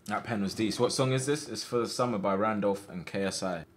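A man streaming a football management game, reacting out loud with groans and cheers as he commentates. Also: on the low side, fast talker, slight background noise. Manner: excitable, shouts at players, swings between groans and cheers. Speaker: gaming streamer.

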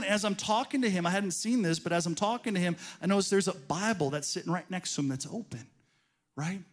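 A man pastor preaching a sermon in a church, telling a personal story in a conversational way, swelling to emphatic peaks and dropping to a hushed aside. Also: high-pitched, brisk. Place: church sanctuary.

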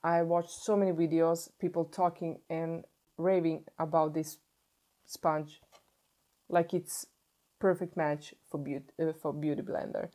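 Speaking English, a young Swedish woman unwraps makeup on camera and raves about every find, stopping and starting again now and then. Her warm, mellow voice sits a little low and isn't bright.

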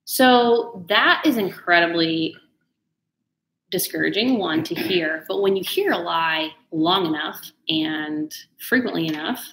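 A woman's voice: on the low side, lively intonation, a little slow, a bit bright, reverberant, rough recording. A woman hosting a live video talk, chatty and teasing, who laughs often. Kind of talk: casual motivational talk.

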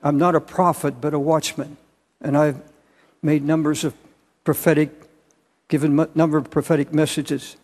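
Earnest older preacher in a reverberant church. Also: male voice, fairly high pitch, level tone. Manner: earnest, halting with restarts, rising to loud emphasis. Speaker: pastor. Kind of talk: sermon. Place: large church auditorium. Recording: long hall reverb.

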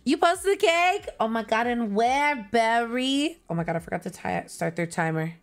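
A woman streamer chatting live while gaming, excitable, with loud exclamations and giggles. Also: fairly high pitch, normal speed, faint music behind. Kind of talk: live game-stream chat.

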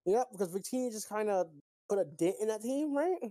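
A woman hosting a casual recap of competitive game battles, excitable, profane and teasing. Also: medium pitch, fairly quick, no room sound. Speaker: league recap host. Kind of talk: casual gaming recap chat.

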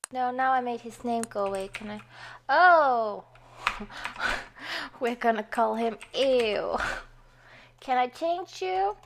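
A woman's voice: fairly high pitch, slight background noise. A young woman giving chatty gameplay commentary, easily startled and swearing when frustrated. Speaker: gaming youtuber. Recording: faint game music behind.

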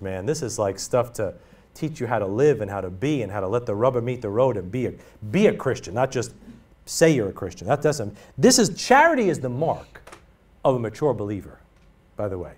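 A man's voice: medium pitch, very animated, brisk, a little mellow. A male pastor preaching a sermon in a church, emphatic and repetitive as he drives his points home. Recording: voice from far off the mic.

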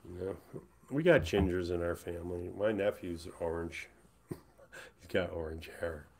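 A man streaming live who rambles, says he's high and mumbles, often trailing off into whispers. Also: a little slow, gravelly. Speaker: livestreamer. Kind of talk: casual livestream chat. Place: indoors, hot room.

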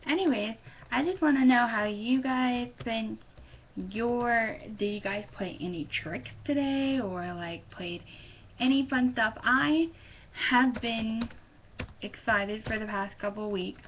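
A woman's voice: a little high, slow. A teenage girl vlogging casually at home, rambling and distracted, often giggling. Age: teens. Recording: dull lo-fi webcam audio with faint noise.

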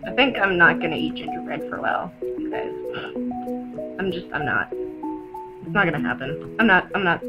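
A young woman giving excitable game commentary, laughing often and shrieking when things go wrong, with music behind her. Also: on the low side, rough recording. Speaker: gaming video host.

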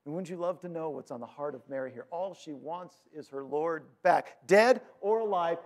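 A man preaching a sermon, retelling scripture with dramatic swings between loud urgency and hushed quiet. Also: a little high, normal speed, hardly any pauses. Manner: storytelling, paraphrasing scripture. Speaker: pastor.

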